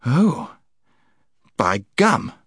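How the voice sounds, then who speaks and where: A man's voice: a little high, big pitch swings, very slow, fairly bright tone, breathy edge, no room sound, clean studio sound, pitched above the performer's own voice, exaggerated voice. A man voicing an anxious young schoolboy who speaks in urgent, breathless bursts.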